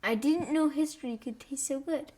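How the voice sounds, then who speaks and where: Female co-host, high voice, curious and light. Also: moderate pace, a little mellow. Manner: curious, light reactions and quiz questions. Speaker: podcast co-host. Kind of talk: podcast banter.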